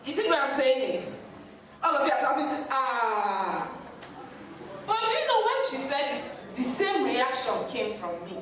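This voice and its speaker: A woman, a psychologist telling a story to a church congregation in an animated way. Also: high voice, moderate pace. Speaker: psychologist speaking at a church service. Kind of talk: lively talk at a church service. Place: large church hall. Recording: echoey church hall, mic at a distance.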